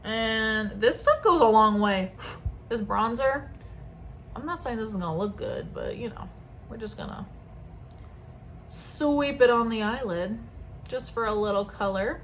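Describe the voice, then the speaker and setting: A young woman with a slightly high voice chats casually to a close-up camera, wandering off on tangents and trailing off mid-thought. A faint hiss sits under the recording. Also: sing-song, a little slow, long pauses. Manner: chatty, rambling, trailing into asides. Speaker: vlogger. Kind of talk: casual chat while doing makeup. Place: home at night. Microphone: camera very close to her face.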